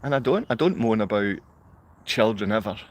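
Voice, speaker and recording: A man's voice: lowish voice, expressive, normal speed. A middle-aged man with a Glaswegian accent, hosting a rambling, emotional livestream monologue and often laughing. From Scotland. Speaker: livestream host. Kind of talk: rambling live-stream monologue.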